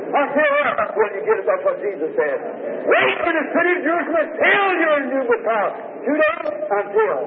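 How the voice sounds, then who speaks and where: A man's voice: very high-pitched, sing-song, brisk. A man preaching a sermon, telling Bible stories in a folksy way and acting out the characters in dialogue. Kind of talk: sermon storytelling. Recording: tinny archival tape of a hall sermon with faint hiss.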